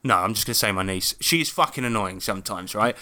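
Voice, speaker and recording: A man's voice: fairly low pitch, animated, fast, pushed and bright. A man co-hosting a casual podcast about running tabletop games, telling stories with lots of laughs, swearing and restarts. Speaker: podcast co-host and game master.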